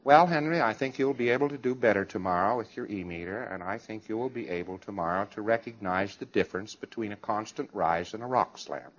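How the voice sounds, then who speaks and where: A man mimicking a meek, overly gentle male instructor coaxing a slow student in a soft, patronizing tone. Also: lowish voice, highs cut off, voice pushed down, close to an everyday voice.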